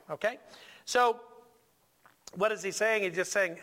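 A man's voice: high voice, a little slow, long pauses, fairly bright tone. A male pastor preaching a sermon in a church, joking with the congregation and stressing lines with emphatic repetition.

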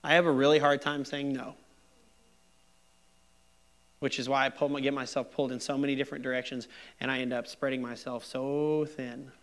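A man's voice: medium pitch, flat delivery, normal speed, long pauses, a bit bright. A middle-aged man pastor giving a sermon in a candid, self-deprecating, conversational way.

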